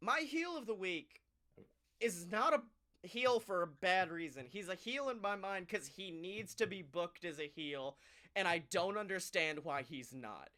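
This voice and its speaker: A man co-hosting a casual wrestling podcast, telling stories in an animated, profane way and laughing often. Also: high voice, unhurried. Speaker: podcast co-host.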